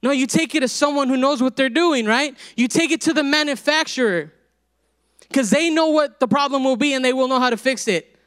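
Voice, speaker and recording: A man's voice: extremely high pitch, brisk, a bit bright, clean tone. A man preaching a sermon to a congregation, building to emphatic peaks and joking with the crowd.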